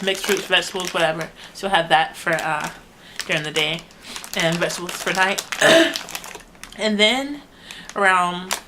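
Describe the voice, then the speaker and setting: A woman's voice: fairly low pitch, bright, forceful tone, slight background noise, poor audio. A young woman talking casually to camera as a mother giving a baby update, rambling with lots of "like" and frequent laughs. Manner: chatty, rambling, heavy use of "like", laughs often.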